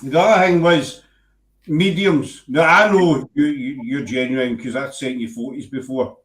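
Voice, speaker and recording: A man's voice: mid-range voice, a little slow, reverberant. A Scottish man hosting a casual show, teasing his guest and joking as he rambles. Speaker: host. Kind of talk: casual banter on a web show.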